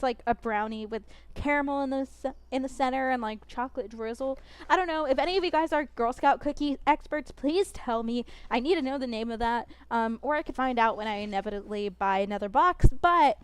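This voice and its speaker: A young woman streaming a game, talking fast and expressively, rambling with lots of fillers and restarts. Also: on the high side, clean tone, no room sound. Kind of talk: casual chat while gaming.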